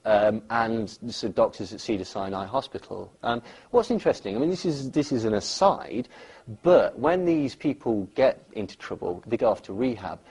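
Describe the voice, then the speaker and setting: A man, a guest in an interview, talking in a rambling, animated way with lots of fillers. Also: medium pitch, moderate pace, husky, poor audio. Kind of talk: conversational interview.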